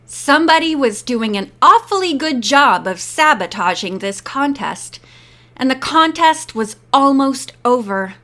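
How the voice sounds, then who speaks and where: A woman narrating a teen mystery audiobook in a measured reading. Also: high voice, animated, fairly bright tone. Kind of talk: scripted narration.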